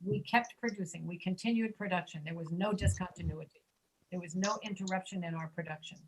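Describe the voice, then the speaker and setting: A woman's voice: lowish voice, a little hiss or hum, rough recording. Patient woman drilling pronunciation. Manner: patient, repeats words slowly for drilling. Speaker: ESL pronunciation teacher. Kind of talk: online class instruction. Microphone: video call.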